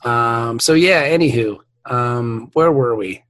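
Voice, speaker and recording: A man's voice: mid-range voice, slow, fairly bright tone. A man hosting a podcast in casual, rambling, profane chat with his co-hosts. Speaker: podcast host.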